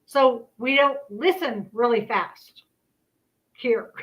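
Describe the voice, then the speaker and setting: A woman's voice: sits high, animated, extremely slow, long pauses, highs cut off. A woman from Kansas hosting a casual commentary stream, chatty and folksy with laughing asides. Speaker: host.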